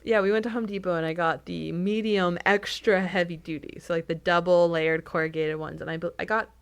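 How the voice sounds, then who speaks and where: A young woman co-hosting a podcast, talking casually and laughing often, swinging between excited bursts and flat asides. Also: lowish voice, fairly quick, clear, resonant tone. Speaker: podcast co-host. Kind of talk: casual chat.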